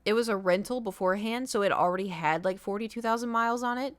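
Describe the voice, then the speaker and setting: A young woman livestreams, talking casually and fast in a medium-pitched voice with no echo. She rambles chattily through a story, using lots of filler words.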